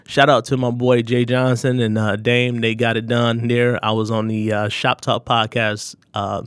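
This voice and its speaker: A man's voice: mid-range voice, level tone, measured pace, a bit bright, smooth, no echo, studio quality. A man hosting his own podcast, talking straight to listeners in an earnest, heartfelt, motivational way. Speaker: podcast host. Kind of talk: solo podcast thank-you message.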